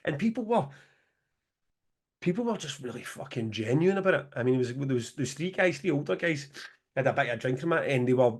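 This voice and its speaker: Fast-talking Scottish man, sweary and laughing. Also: mid-range voice, expressive. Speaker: podcast co-host. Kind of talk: casual chat over a video call. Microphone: video call.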